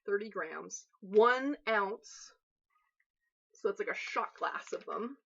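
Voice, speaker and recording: A woman's voice: mid-range voice, expressive, takes it slowly, gravelly, fairly bright tone, breathy edge, highs cut off. A woman hosting a live baking stream from her home kitchen, chatting and joking in a rambling way with her viewers. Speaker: host of a live cooking stream.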